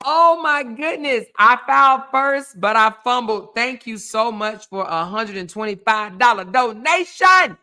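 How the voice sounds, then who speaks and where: A woman's voice: on the high side, animated, unhurried, few pauses, bright, forceful tone. A woman hosting a casual live stream, chatty and laughing often as she thanks viewers by name.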